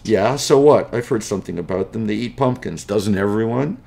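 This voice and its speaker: A man voicing a haughty young gentleman in a spoken storybook, scornful and demanding. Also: on the low side, normal speed, gravelly.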